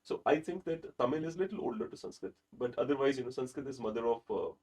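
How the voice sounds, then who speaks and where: A man's voice: mid-range voice, animated, quick pace, a little mellow, rough recording. A man from India with an Indian accent, hosting an interview and eagerly explaining at length. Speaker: host. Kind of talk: casual interview chat.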